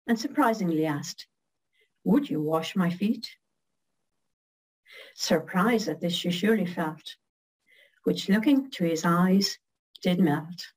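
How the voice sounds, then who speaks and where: A middle-aged woman reading her own poem slowly and carefully, then chatting casually as a guest. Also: on the low side, a little mellow, poor audio. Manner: slow, measured recitation.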